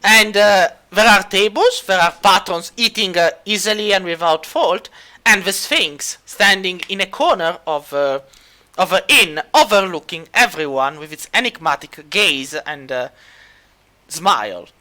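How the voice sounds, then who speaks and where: A man's voice: high-pitched, animated, a little slow, pushed and bright. A man narrating a tabletop game as game master, hesitant and full of fillers, cracking jokes. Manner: hesitant, many fillers, jokey.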